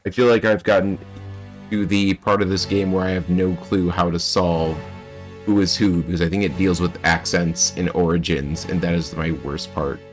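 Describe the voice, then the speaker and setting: A man streaming a mystery game, thinking aloud and chatting with his viewers in a relaxed way. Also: low-pitched, moderate pace, faint music behind. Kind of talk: casual gameplay commentary.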